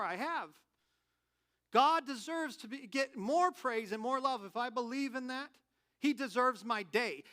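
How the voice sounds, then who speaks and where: Man, pastor, conversational sermon, candid personal stories, animated delivery, fairly high voice.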